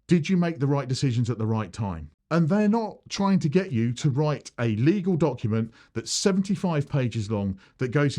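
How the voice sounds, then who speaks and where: A man, an accountant talking straight to camera about business, who acts out small back-and-forth scenes. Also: medium pitch. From United Kingdom. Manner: animated, acts out little dialogues with changing voices. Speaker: accountant giving business advice. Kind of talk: direct-to-camera advice video.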